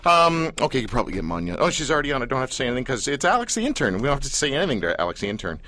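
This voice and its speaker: A man's voice: medium pitch, big pitch swings, rapid-fire, bright, forceful tone. A man hosting a comedic radio show, playful and joking with his co-host.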